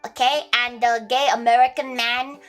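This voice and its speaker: Bright-voiced woman telling a rambling story. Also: on the high side, flat delivery, moderate pace, faint music behind. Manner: rambling, many restarts, laughs at own jokes. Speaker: streamer. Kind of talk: casual storytelling to stream.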